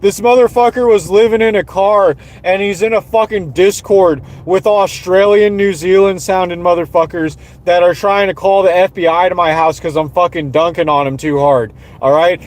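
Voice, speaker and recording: A man's voice: sits high, steady tone, moderate pace, few pauses. A man streaming an angry, profane, repetitive rant. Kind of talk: angry ranting monologue.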